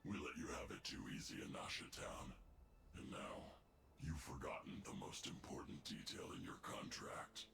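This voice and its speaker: An actor playing a menacing male villain who speaks in a hushed, threatening whisper. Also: rumbling low, sing-song, moderate pace, vocal fry, soft background music, full character voice.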